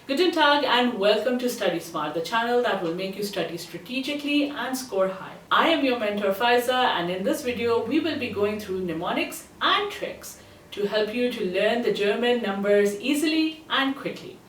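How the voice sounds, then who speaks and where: A woman teaching a language lesson as a tutor, pronouncing each word slowly and having listeners repeat after her. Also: a little high, lively intonation, a bit bright, roomy sound, distant mic, slight background noise, poor audio. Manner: slow, deliberate pronunciation drills. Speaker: German tutor.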